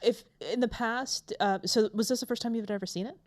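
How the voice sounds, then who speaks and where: A young woman co-hosting a podcast in casual chat, wry and quick with a joke. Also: a little high, steady tone, darkish tone. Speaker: podcast co-host.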